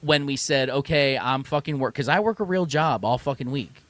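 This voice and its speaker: Male podcast host, mid pitch, blunt and exasperated, swears freely, dry close mic. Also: normal speed, a bit bright, dry recording. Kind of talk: ranting podcast talk.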